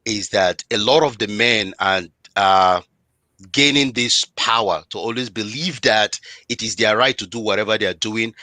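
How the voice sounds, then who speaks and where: A man's voice: mid-range voice, pushed and bright, no echo. A man giving an impassioned motivational talk on relationships, speaking emphatically, repeating phrases for force and addressing the audience directly.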